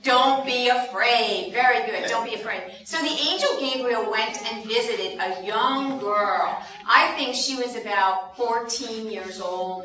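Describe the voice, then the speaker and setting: A woman leading a children's message in church, telling a story in an animated way and asking the children questions. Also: mid-range voice. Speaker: children's sermon leader. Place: church sanctuary. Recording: roomy distant church sound, muffled.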